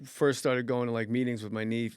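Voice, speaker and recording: A man hosting a comedy podcast, chatting in an animated way, joking and swearing as he tells stories. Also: mid-range voice, clean tone, dry recording, studio quality. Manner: animated, profane, quick with jokes. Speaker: podcast host. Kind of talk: casual podcast chat.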